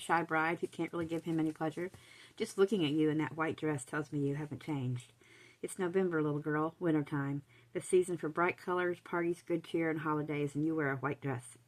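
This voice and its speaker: A woman reading aloud, voicing a spiteful young woman who taunts in a smooth, mocking tone. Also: sits low, poor audio.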